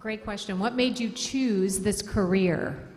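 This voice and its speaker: A woman's voice: medium pitch, measured pace, darkish tone. A woman hosting a school assembly, addressing the students in an upbeat, encouraging way. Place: school auditorium. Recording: long hall reverb.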